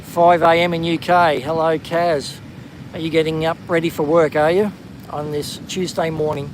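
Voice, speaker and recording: Delivering flatly at a moderate pace, an Australian livestream host with a voice on the high side walks outdoors across a windy coastal headland. He chats casually and greets viewers by name, and the rough recording has a little hiss or hum.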